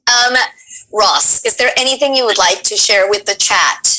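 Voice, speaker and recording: A woman from Colombia hosting a casual live stream, chatting to her guest and to the chat with quick asides. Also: mid-range voice, bright, forceful tone, rough recording. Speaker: streamer host.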